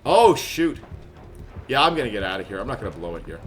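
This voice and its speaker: A man streaming a horror game live, chatting with viewers and teammates, quick to laugh and yelp in surprise. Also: on the low side, sing-song, soft background music. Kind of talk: live gameplay commentary.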